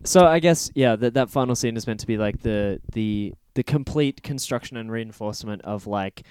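A man's voice: mid-range voice, normal speed, darkish tone, clean tone. A man chatting casually on a podcast, breaking down the film's themes with some analysis. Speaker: podcast co-host. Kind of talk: casual chat.

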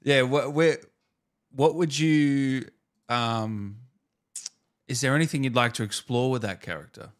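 A man's voice: medium pitch, a little slow, long pauses. A man hosting an interview, asking loose, friendly questions and laughing easily. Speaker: host. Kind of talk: casual interview chat.

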